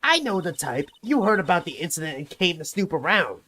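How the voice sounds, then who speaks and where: A man with a sore throat voicing a chatty, scolding elderly female security guard in a croaky put-on old-lady voice. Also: fairly high pitch, sing-song, a little fast, pushed and bright, a little hiss or hum, pitched above the performer's own voice. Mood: gruff.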